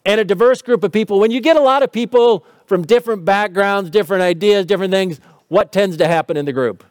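High-voiced man preaching a teaching sermon. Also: fast, a little mellow, dry recording, clean studio sound. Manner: explanatory, asks rhetorical questions; teaching tone with light humor. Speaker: pastor.

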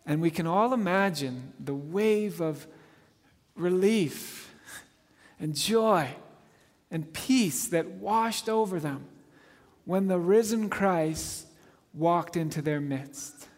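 A middle-aged man delivers a sermon from the pulpit at an unhurried pace, his voice sitting high for a man. He is earnest and leans on repetition, circling back to phrases and checking in with the congregation. The sound carries the long reverb of a large church sanctuary. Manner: earnest, repeats phrases for emphasis, asks "right?". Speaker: pastor.

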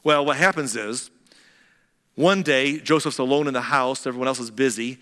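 A man's voice: medium pitch, moderate pace, a bit bright. A man preaching a sermon in a conversational, joking way. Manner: conversational, joking asides to a laughing congregation. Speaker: pastor. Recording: reverberant hall sound.

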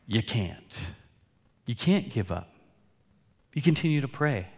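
A man preaching a sermon as pastor, earnest, swinging between loud emphatic lines and quiet, soft asides. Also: medium pitch, very animated, slow, slightly rough. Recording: long hall reverb.

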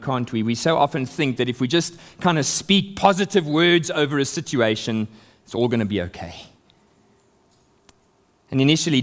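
A man preaching an expository sermon, reading scripture aloud and building emphasis. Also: a little high.

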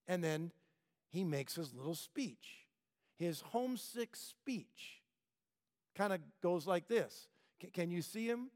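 High-voiced preacher man in a reverberant hall. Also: lively intonation, slow pace, a little mellow. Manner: conversational, asks rhetorical questions, acts out quotes. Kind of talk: sermon.

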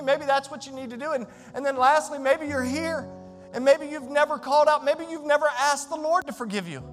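An older man preaching a sermon as pastor, emphatic and conversational, swinging from hushed to loud with asides to the congregation. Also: extremely high pitch, a little fast. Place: church sanctuary. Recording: echoey hall with faint music.

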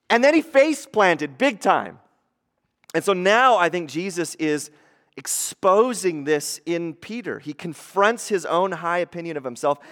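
A man preaching a conversational sermon, swinging from hushed to emphatic, in a church sanctuary. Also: sits high, expressive, unhurried. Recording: long hall reverb.

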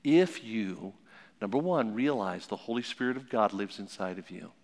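A man preaching a sermon, telling a story with animated energy and dropping low and quiet when he drives the point home. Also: normal speed. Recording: long echoing hall reverb.

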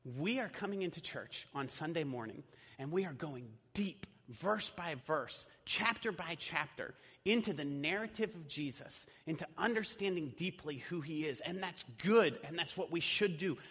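A man's voice: on the high side, animated, moderate pace, fairly bright tone, breathy edge. A man preaching a sermon in a church in a conversational way, with casual fillers. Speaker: pastor. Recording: echoey hall.

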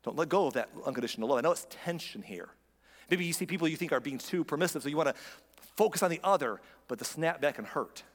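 A man delivers a sermon in an earnest, conversational manner, often restarting his sentences. His voice sits a little high for a man. It rings out with the long reverb of a large hall. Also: animated, fast. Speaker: pastor.

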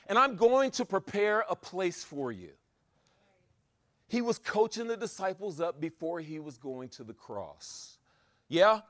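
A man preaching a sermon, swinging between loud exhortation and quiet asides, driving his points home with repeated rhetorical questions. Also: high voice, very animated, unhurried, no room sound, studio quality.

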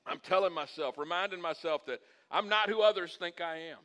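High-voiced preacher, bright and fervent. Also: male voice, fairly quick. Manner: animated preaching that builds to loud, impassioned peaks; folksy and humorous asides. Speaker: pastor. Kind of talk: sermon.

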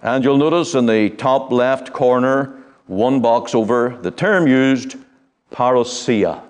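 A middle-aged man from the United Kingdom teaching a Bible study, speaking in an earnest, measured way with frequent pauses and fillers. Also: medium pitch, clean tone.

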